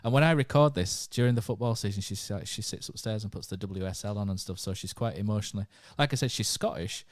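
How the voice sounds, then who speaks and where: Easygoing low-voiced podcast host. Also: male voice, fast, hardly any pauses, no echo. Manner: easygoing and chatty. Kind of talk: casual podcast chat.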